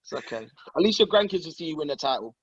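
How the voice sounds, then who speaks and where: Fast-talking excitable young man guest. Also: on the high side, slightly rough, highs cut off. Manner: excitable, swears, laughs often. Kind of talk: casual video call chat.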